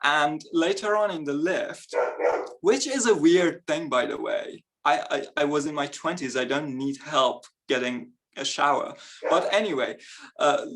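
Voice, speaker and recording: A man's voice: fairly high pitch, animated, a little slow, a bit bright. A young man performing a stand-up comedy set, chatty and self-mocking, laughing between his lines. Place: live comedy event on stage.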